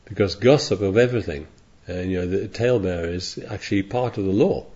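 A man's voice: low voice, fairly quick, a little mellow, breathy edge. A man preaching a sermon in a rambling, digressive way, reading scripture aloud as he goes. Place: congregation in California. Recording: dull lo-fi sermon recording.

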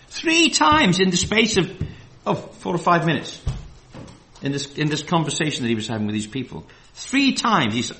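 A man preaching a Bible study sermon. He reads verses slowly and with emphasis, then drifts into loose, filler-heavy asides. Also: fairly high pitch, big pitch swings, bright, forceful tone.

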